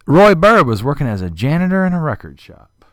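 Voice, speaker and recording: A man hosting a casual podcast, telling a story in an animated, profane way. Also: fairly high pitch, fairly quick. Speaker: podcast host. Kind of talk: casual chat.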